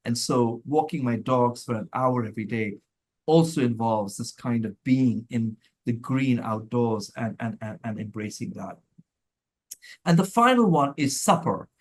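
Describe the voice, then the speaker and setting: Middle-aged guest from India, reflective and measured, restarts often mid-thought. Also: male voice, mid-range voice, animated. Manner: thoughtful, measured, with frequent restarts and light laughs. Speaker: guest, mental health professional. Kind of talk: conversational interview answers.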